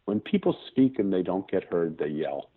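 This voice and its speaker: Interview guest, male, 50s, low husky voice, earnest and searching, tinny phone-quality audio. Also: expressive, normal speed. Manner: earnest, searching for words, restarts sentences. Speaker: podcast guest. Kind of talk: reflective personal storytelling.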